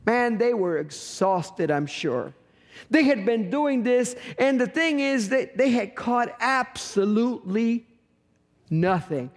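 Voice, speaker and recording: High-voiced preacher in a reverberant hall. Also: male voice, lively intonation, takes it slowly. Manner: storytelling, acts out dialogue, humorous asides. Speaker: pastor. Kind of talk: sermon.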